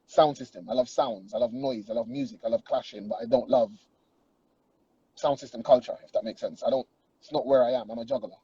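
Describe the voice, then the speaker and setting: A man's voice: mid-range voice, fairly quick, warm tone, breathy edge, no room sound, dull audio. A young man, a DJ and artist talking casually as a radio interview guest, joking and using slang. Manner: laid-back, joking, slangy.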